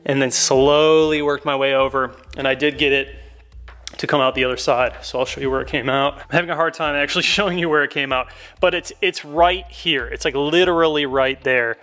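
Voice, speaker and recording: A man's voice: medium pitch, fairly even intonation, a little fast, bright, forceful tone. A man with a laid-back, chatty, enthusiastic manner, talking through a casual how-to car tutorial from inside a car. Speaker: car modification YouTuber. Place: inside a car while working on trim.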